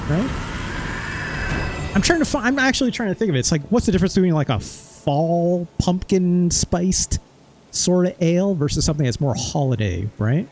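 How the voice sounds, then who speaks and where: A man's voice: high voice, sing-song, normal speed, a little mellow, slight background noise. A male streamer in casual gameplay commentary. He chats while he plays and mutters mild curses when things go wrong.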